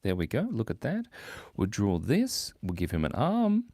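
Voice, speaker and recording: Playful Australian man, hugely lively pitch. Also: moderate pace, no room sound, studio quality. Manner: playful, giggly, reads out viewer comments. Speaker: live-stream drawing host. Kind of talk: live-stream chat while drawing.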